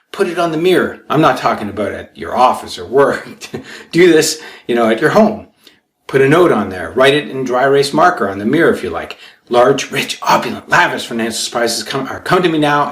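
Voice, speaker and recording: Self-help coach, male, mid-pitched, earnest and emphatic, recorded in a reverberant room. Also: a bit bright. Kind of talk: motivational talk.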